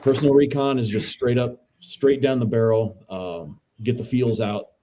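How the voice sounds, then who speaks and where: A man, a veteran and podcast co-host, casually telling a story as a guest in a relaxed, profane, dude-heavy way. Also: mid-range voice, normal speed, a little hiss or hum. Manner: laid-back, profane, says dude a lot.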